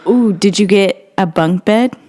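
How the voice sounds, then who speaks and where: A woman's voice: mid-range voice, a little slow, mellow, no echo, studio quality. A woman hosting a casual podcast interview, asking short curious questions. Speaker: podcast host.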